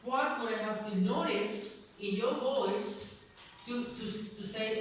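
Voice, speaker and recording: A woman's voice: fairly high pitch, takes it slowly, slight background noise. A woman teacher running an English lesson in a classroom. She asks many questions and often repeats words as she starts. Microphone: recording device at a distance. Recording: echoey classroom from far off.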